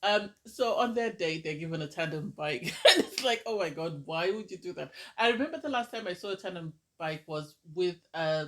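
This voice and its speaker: A man's voice: high voice, expressive, normal speed, few pauses, bright, forceful tone. A man chatting through a casual review and recap of a reality TV episode, gushing and exclamatory.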